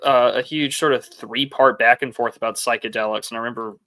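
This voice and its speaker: A man's voice: medium pitch, fairly even intonation, fairly quick, pushed and bright, no echo. A man co-hosting a podcast in casual chat, talking loosely with hedges and fillers. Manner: loose, hedging, filler-heavy. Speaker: podcast co-host.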